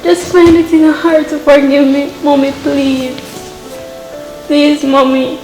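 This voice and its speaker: A woman plays a young Jamaican daughter, high-voiced and slow, pleading through tears. The room is echoey with faint music underneath. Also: flat delivery, darkish tone. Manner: pleading, tearful. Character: young woman begging her mother for forgiveness.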